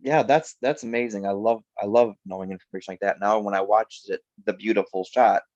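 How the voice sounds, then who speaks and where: A man hosting an interview, enthusiastic and quick to affirm his guest. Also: lowish voice, steady tone, a little mellow, no room sound. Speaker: podcast host. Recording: dull lo-fi call audio.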